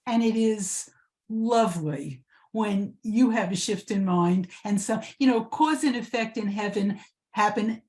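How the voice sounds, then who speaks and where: Gentle woman giving reflective advice. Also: mid-range voice, unhurried. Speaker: webinar panelist. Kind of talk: spiritual teaching discussion.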